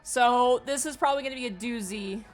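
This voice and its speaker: A woman's voice: on the high side, a little fast, soft background music. A woman casually commenting on a video game as she plays, reading its text aloud and swearing now and then. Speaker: streamer. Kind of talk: casual let's-play commentary.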